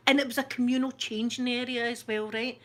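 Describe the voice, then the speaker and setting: A woman's voice: on the high side, fairly bright tone. A middle-aged woman with a Scottish accent, a channel host in casual chat, laughing often as she tells stories. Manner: chatty, laughs often, storytelling.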